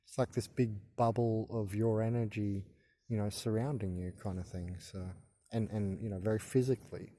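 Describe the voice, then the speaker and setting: A man's voice: on the low side, steady tone, normal speed, warm tone, slight background noise. A man in his thirties hosting his own channel, talking in a rambling, hesitant monologue with stammers and restarts. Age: 30s. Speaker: channel host. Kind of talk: casual spoken monologue to camera.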